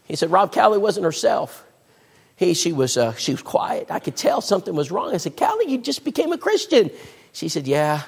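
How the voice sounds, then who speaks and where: A man's voice: high voice, moderate pace, vocal fry, husky. A man preaching a sermon, telling a story and acting out the voices of the people in it. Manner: animated, acts out voices in the story. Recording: echoey hall.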